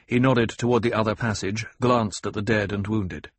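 A man narrating an audiobook in a steady, measured way. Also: on the low side, slightly rough, dry recording. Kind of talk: scripted narration.

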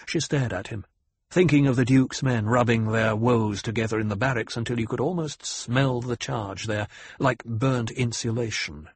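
A man giving scripted audiobook narration in a steady, unhurried way. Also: medium pitch, breathy edge, dry recording.

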